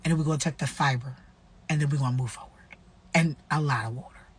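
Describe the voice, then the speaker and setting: A woman's voice: a bass voice, fast, husky. A woman, casually sharing faith advice and reading a devotional aloud, repeating herself and using slang. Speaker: vlogger running a nonprofit.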